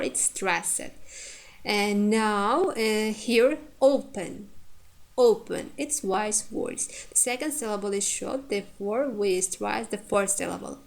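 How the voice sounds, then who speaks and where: A woman teacher lecturing on word stress, repeating each example word and pausing on frequent fillers. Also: medium pitch. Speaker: English phonetics teacher.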